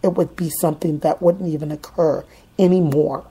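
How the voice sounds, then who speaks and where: A middle-aged woman delivers a heated, profanity-laced rant straight to camera. Her voice sits low and dark, and she keeps slipping into sarcastic mimicry of the people she is attacking. Her tone stays bitter and relentless. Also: steady tone, moderate pace, slightly rough, poor audio. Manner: heated, swearing, sarcastic mock quotes. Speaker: vlogger. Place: Seattle.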